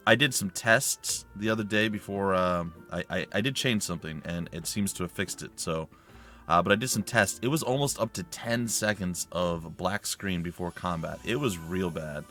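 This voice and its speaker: Brief: chatty male let's player, lowish voice, faint music behind. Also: moderate pace, sharp tone. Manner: rambling, chatty, self-correcting. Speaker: let's play host. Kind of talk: casual gameplay commentary.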